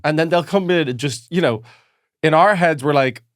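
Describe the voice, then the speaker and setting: A man's voice: on the high side, moderate pace, no echo, clean studio sound. A man co-hosting a comedy podcast who tells wry, laid-back anecdotes dotted with fillers. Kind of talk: casual comedic chat.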